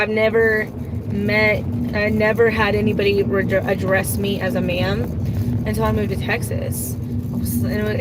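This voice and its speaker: Woman streamer from Kansas, mid-pitched, loose and rambling, traffic noise behind. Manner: rambling, lots of "like" and "um". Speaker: live streamer. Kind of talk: casual chat.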